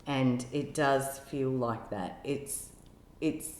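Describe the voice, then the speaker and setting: A woman giving an intuitive tarot love reading in a gentle, musing way, now and then exclaiming with delight. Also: rumbling low, takes it slowly. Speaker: tarot reader. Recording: echoey room with faint ambience.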